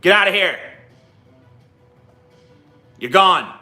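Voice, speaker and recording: A man's voice: medium pitch, very animated, measured pace, long pauses, bright, forceful tone, faint music behind. A man hosting a livestream, ranting profanely and combatively at his chat. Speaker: livestream host.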